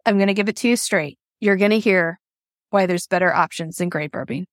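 A woman hosting a podcast, reading a measured introduction and then chatting with her guest. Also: fairly low pitch, no room sound, clean studio sound. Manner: reads a steady, measured introduction. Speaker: podcast host. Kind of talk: scripted introduction and casual interview.

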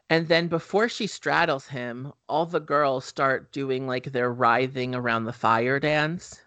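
A man's voice: medium pitch, slow, pushed and bright, no echo. A man hosting a podcast, casually recapping a horror movie with lots of fillers and offhand swearing. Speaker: podcast host.

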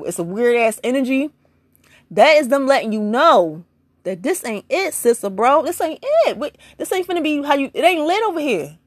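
A woman with a fairly high voice delivers spiritual advice as a casual, blunt monologue. She swears freely and keeps firing rhetorical questions, with her pitch leaping up and down. The sound is dry and close, with no room echo. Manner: animated, big jumps in pitch. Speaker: vlogger giving spiritual advice.

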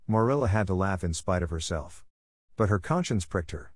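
A man narrating a classic novel as an audiobook in a measured, even reading style. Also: low-pitched, no echo, clean studio sound. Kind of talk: scripted storybook narration.

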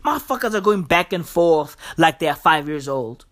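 A man ranting about the news in a profane, excitable comedic vlog, packed with slang. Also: fairly high pitch, moderate pace. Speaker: vlogger.

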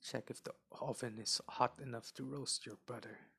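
Man playing an old witch, storybook villain, cruel, growling, husky, gravelly. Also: medium pitch, steady tone, moderate pace, a bit bright, heavily acted. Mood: menacing. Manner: cackling, scolding, growling. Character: cruel old witch woman who eats children.

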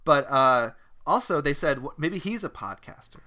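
A man's voice: on the high side, lively intonation, moderate pace, sharp tone. A man with an Australian accent hosting a podcast, rambling earnestly in casual comedy chat. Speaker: podcast host.

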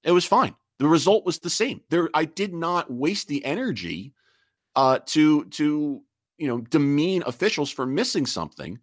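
A man who presides over a sportsmanship group talks earnestly and reflectively as a guest on a casual podcast, repeating words as he restarts sentences. His voice is on the high side and very animated, at normal speed, in a dry, studio-quality recording.

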